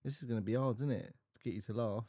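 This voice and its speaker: A man's voice: mid-range voice, rapid-fire, mellow, no room sound, studio quality. A man hosting a casual podcast, joking and teasing his co-host.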